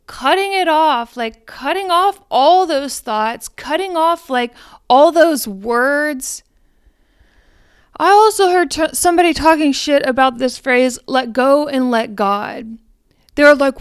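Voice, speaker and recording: High-voiced woman, frank and profane. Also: slow, no echo, clean studio sound. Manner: frank, profane, rambling and self-questioning. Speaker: podcast host. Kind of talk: spiritual podcast monologue.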